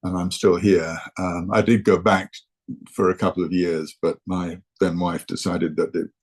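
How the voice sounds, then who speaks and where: Low flat-voiced older man, hesitant. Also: normal speed. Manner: hesitant, many fillers and restarts. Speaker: guest speaker. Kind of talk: informal virtual talk.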